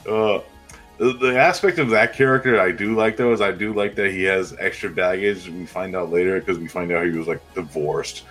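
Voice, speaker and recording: A man's voice: deep voice, moderate pace, fairly bright tone, faint music behind. An American man co-hosting a casual film podcast, laid-back, swearing now and then and giving short agreeing replies. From United States. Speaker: podcast co-host. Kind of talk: casual film review chat.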